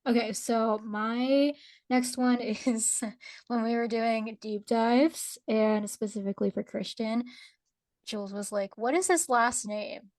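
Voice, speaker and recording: A woman's voice: a little high, slow, a little mellow, dry recording. A woman co-hosting a podcast in casual chat. She laughs a lot and uses "like" often. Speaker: podcast co-host.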